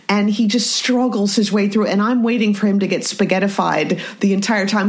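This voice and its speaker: Chatty woman recapping a show. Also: mid-range voice. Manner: animated, acts out quoted lines. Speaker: podcast co-host. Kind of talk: casual recap chat.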